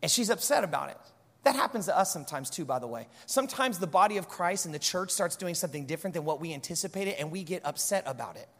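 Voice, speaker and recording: A man preaching a sermon to a church congregation, animated and conversational, with jokes between points. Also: fairly high pitch, quick pace. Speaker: pastor. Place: large church hall. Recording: church hall with long reverb.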